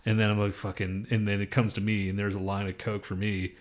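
A man's voice: on the low side, little pitch movement, fairly quick. A young man co-hosting a podcast, telling loose, profane stories in casual chat and laughing often. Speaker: podcast co-host.

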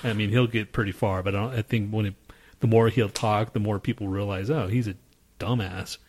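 Male cohost, low voice, jaded and sweary, grumbling rants. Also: little pitch movement, brisk, a little mellow. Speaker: podcast co-host. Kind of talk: casual chat.

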